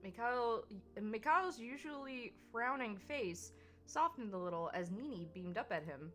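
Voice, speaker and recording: American woman streamer, reads game aloud, unhurried, bright tone. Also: a little high, lively intonation, faint music behind. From United States. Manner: reads characters softly, quick to laugh. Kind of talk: reading a visual novel aloud.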